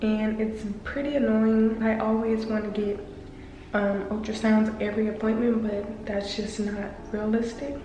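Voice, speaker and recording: A woman's voice: fairly high pitch, flat delivery, measured pace, echoey room, music in the background. A young woman vlogging casually, chatting straight to her viewers with lots of filler words. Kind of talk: casual vlog chat to viewers.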